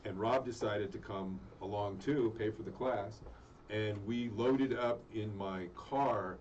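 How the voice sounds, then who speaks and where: Middle-aged guy rambling along w lots of ums, low voice, sounds muffled and far from the mic. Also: a little slow. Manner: relaxed and rambling, lots of fillers. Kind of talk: casual chat. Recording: distant dull mic with faint noise.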